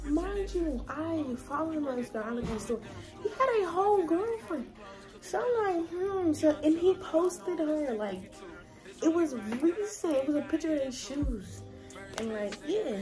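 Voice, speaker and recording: Brief: young woman vlogger, slightly high voice, lively slangy storytelling over music playing behind her. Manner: animated, slangy, acts out quoted dialogue. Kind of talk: casual storytime while doing her wig. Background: hip hop music.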